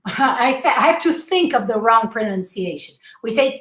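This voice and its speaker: A woman whose first language is Portuguese, teaching English pronunciation in a live online class and slowly repeating each word for her students. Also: sits high, expressive, fairly bright tone. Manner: drills words slowly and repeats them. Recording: echoey room.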